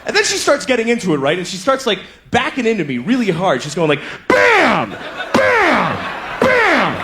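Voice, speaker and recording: A man doing stand-up, his fairly high voice swinging wildly up and down as he tells profane stories and acts out quick bits of other voices. Audience laughter and room noise sit clearly behind him on a live club recording. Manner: animated storytelling, acts out other voices in bursts; profane, conversational asides. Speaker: stand-up comedian. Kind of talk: stand-up comedy set.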